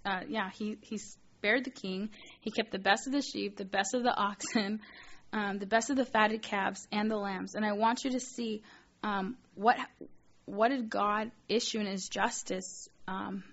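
A woman's voice: medium pitch, dull audio. A woman reading scripture aloud and explaining it with questions to her listeners. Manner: reads aloud then asks questions, animated asides. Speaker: bible teacher.

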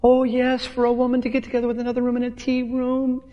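A man doing a gushing, high-voiced woman in a big hall. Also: completely flat delivery, fast, muffled recording. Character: gushing woman back from a tea room.

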